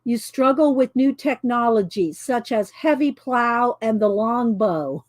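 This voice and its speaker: A woman's voice: a little high, expressive, unhurried, darkish tone, no room sound. A woman, chatting casually on a livestream and reading cards aloud, stumbling over names as she goes. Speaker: channel host.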